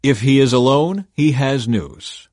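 A man's voice: medium pitch, animated, unhurried, darkish tone, no room sound, clean studio sound, pitched above the performer's own voice, natural voice. A man narrating voices an old king who is an anxious, anguished father. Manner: pleading, anguished.

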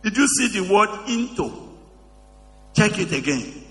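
Dramatic pastor in an echoey hall. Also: male voice, very animated, unhurried. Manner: dramatic, swings from soaring high shouts to low murmurs; asks the congregation questions over and over. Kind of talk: sermon.

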